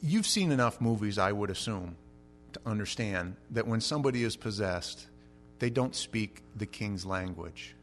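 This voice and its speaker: A man preaching an expository sermon, telling the story with animated energy and shouting out the quoted lines. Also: on the low side, moderate pace, faint music behind. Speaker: pastor.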